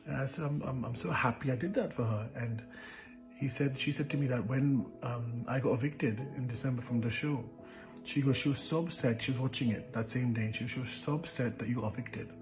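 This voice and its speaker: A man's voice: medium pitch, brisk, over music. A man who is a reality show contestant, telling a touching story to camera in an earnest, emotional way, repeating himself and restarting often. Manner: earnest, repetitive, many fillers and restarts. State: emotional, close to tears.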